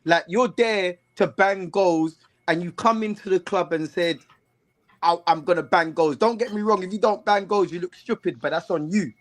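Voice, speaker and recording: A man talks football in a loose, animated way, throwing in slang and circling back over his own words. His voice sits high for a man. The chat is relaxed and unscripted. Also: normal speed, hardly any pauses. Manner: animated, heavy slang, repeats himself. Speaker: co-host.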